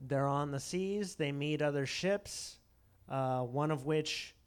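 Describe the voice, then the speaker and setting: A lively, joking man telling stories. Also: on the high side, slow, clean tone. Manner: digressive, jokey storyteller acting out quotes. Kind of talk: casual chat.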